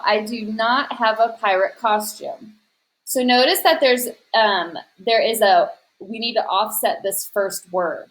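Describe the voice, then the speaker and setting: A woman's voice: medium pitch, fairly bright tone, rough recording. A woman teacher walking students through a grammar worksheet, explaining patiently step by step and speaking directly to her class. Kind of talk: recorded class lesson.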